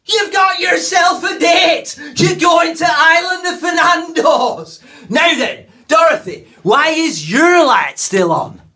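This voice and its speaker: A man's voice: very high-pitched, animated, slow pace, bright, forceful tone, exaggerated voice. A man impersonating a camp, giggly male chat-show host who gasps and swoops.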